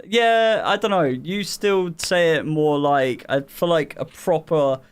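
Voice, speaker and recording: A man's voice: fairly high pitch, takes it slowly, clean tone. An English man hosting a live music stream, chatting casually, rambling with fillers and laughing often. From England.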